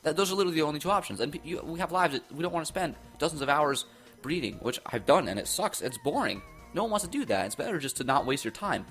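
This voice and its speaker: Bright-voiced rambling young gaming guy. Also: on the high side, quick pace, faint music behind. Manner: rambling, excitable, restarts sentences. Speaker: gaming YouTuber. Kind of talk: casual game news commentary. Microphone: own desk microphone.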